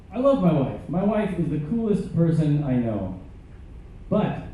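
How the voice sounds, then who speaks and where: On stage in a large theater on a ship, a man who is a comedian and musician tells absurd jokes, hesitating with fillers; his voice is on the high side. A distant camera records his stage mic, giving an echoey, tinny, faraway audience recording with a little hiss or hum.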